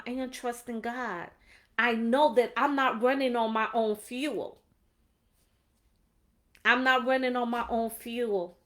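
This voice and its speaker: A woman giving a faith-based motivational talk on a livestream, animated and preachy, acting out quotes along the way. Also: on the high side. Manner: animated, preachy, laughs often, acts out quotes. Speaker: motivational speaker.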